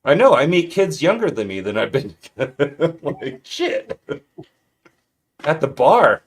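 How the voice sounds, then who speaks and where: A man's voice: on the high side, sing-song, normal speed. A man telling stories in casual chat. He rambles and laughs often. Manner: rambling, laughs often, imitates his parrot.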